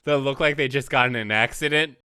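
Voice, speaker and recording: A man's voice: medium pitch, a little fast, pushed and bright, clear, resonant tone. A man co-hosting a casual podcast chat, asking wry, questioning follow-ups. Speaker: podcast co-host.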